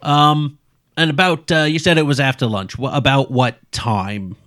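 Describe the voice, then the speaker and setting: A man doing an impatient police officer grilling a teen witness, quick to accuse and dry with sarcasm. His voice sits at an ordinary middle pitch, talking fast and pressing hard. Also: steady tone, a bit bright, close to an everyday voice. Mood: probing. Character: pushy male police officer questioning a teen.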